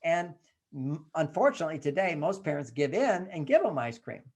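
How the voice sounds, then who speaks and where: A man, a guest in an interview, telling a parenting story in an animated way and acting out the dialogue. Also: on the high side, fairly quick. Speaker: guest author.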